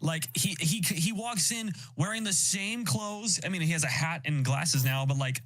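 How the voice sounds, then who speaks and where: A man's voice: on the high side, normal speed, a bit bright. A man in his thirties, a laid-back guest on a stream, chatting and cracking puns. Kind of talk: casual stream chat.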